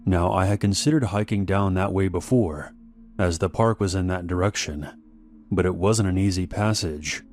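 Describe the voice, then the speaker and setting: A man with a very deep voice reads a scripted horror tale. He sets a measured, unhurried pace. Faint music plays beneath his narration. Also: a little mellow.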